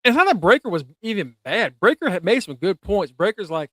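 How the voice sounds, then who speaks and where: Male podcast host, high voice, dry close sound, profane animated recap chatter. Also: a little fast, few pauses, no echo. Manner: animated, profane, retells promos in quoted voices. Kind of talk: casual wrestling recap chat.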